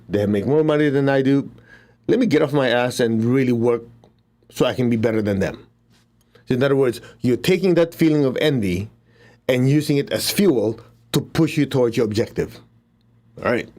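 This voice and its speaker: A man's voice: mid-range voice, dark tone. Laughing, blunt male spiritual teacher. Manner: chatty, laughs often, blunt asides. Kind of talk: casual spoken teaching with invocation.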